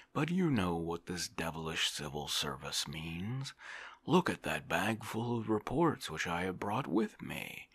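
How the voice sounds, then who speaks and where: A man's voice: low-pitched, a bit bright, breathy edge, no echo, full character voice. A man voicing an overworked male civil servant in a whispered role-play, complaining and self-important.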